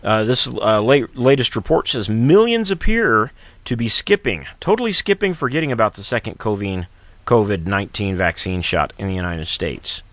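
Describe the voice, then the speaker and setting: A man hosts a relaxed radio talk show, his pitch rising and falling a lot as he rambles through stories and jokes. His voice is dry and close, with no room around it. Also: moderate pace, no room sound. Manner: rambling, joking storyteller. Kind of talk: casual on-air chat.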